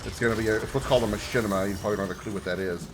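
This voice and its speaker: A man hosting a gaming livestream, chatting casually with teasing, self-deprecating humor and halting restarts. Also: fairly low pitch, fairly even intonation, noisy background. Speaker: streamer host. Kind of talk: casual chat.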